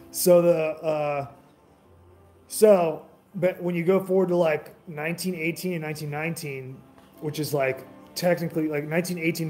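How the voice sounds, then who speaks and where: A man's voice: a little high, darkish tone. A man giving a casual, rambling history talk, loose and profane, full of filler words and restarts.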